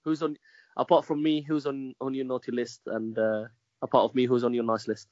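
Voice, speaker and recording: A man's voice: medium pitch, level tone, a little fast, a little mellow, no room sound. A man with a mid-range voice teases the host on a podcast, firing off questions. The recording sounds dry and dull. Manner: teasing, questioning. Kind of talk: casual podcast chat.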